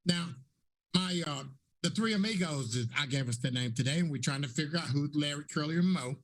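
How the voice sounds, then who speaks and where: A man in his fifties with a raspy voice, talking effusively on a panel and repeating encouraging phrases like a preacher. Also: a little high, brisk. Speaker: panelist and talk show host. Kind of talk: casual panel talk.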